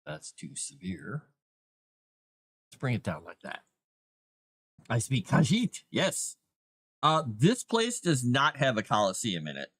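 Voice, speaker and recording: A man's voice: mid-range voice, wildly swooping pitch, measured pace, creaky, a bit bright. A man hosting a casual live stream, thinking aloud as he works and chatting to viewers and his cat. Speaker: author and live-stream host.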